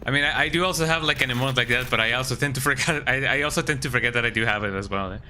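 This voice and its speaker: A man's voice: mid-range voice, rapid-fire, sharp tone, slight background noise. A man streaming a video game while sick with a cold, chatting casually and tagging his lines with "eh?". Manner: laid-back chatter, tags lines with "eh?".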